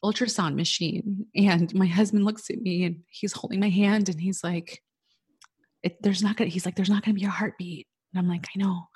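A woman in her thirties telling her fertility story in a casual chat, animated and quick to quote what people said. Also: on the low side, breathy edge.

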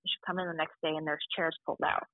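Chatty library staffer on a tinny line. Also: female voice, deep voice, fast, no echo. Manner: chatty, animated retelling with quoted voices. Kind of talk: casual interview storytelling.

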